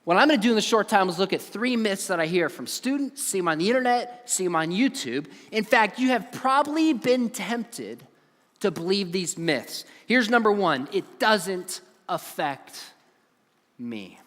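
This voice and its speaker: A man's voice: high-pitched, animated, normal speed, fairly bright tone. A man in his forties giving an earnest, emphatic conference talk to students, telling stories to make his points. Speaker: conference speaker. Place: large conference hall. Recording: long hall reverb.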